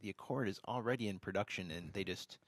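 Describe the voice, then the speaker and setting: A man's voice: lowish voice, quick pace, no echo. A man on a car podcast panel, giving laid-back answers and wisecracks. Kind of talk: casual panel chat.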